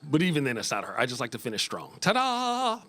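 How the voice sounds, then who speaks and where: A man's voice: mid-range voice, huge pitch swings, quick pace, sharp tone. A man in his fifties from Northern California doing loose, profane live stand-up comedy in a small club, chuckling at his own jokes. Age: 50s.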